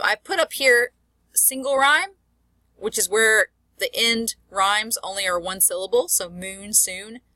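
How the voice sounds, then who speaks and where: Woman, college instructor; casual explanatory lecture delivery, bright tone, dry close sound. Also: mid-range voice, no echo. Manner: explanatory, reads example words slowly with stress; casual with fillers. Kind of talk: recorded lecture.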